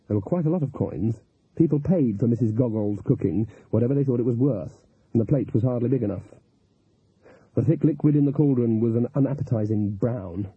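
A man narrating an audiobook in an expressive, lively storytelling manner. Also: mid-range voice, fairly quick, breathy edge, dry recording. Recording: tinny, phone-like, dry audio.

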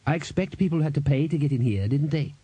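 A man voicing a dreamy, otherworldly young male guitarist who speaks softly and calmly. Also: fairly high pitch, fast, husky, dry recording. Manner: soft, calm, distant.

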